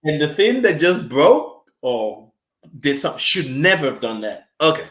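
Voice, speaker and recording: A man guest talking reflectively in a conversation, expressive and animated, slipping into emotional stories. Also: on the high side, normal speed, echoey room.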